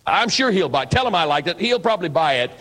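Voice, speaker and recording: A man's voice: sits high, sing-song, fast, fairly bright tone, exaggerated voice. Man doing a tired mother, firm, pleading, somewhat raised voice. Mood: practical.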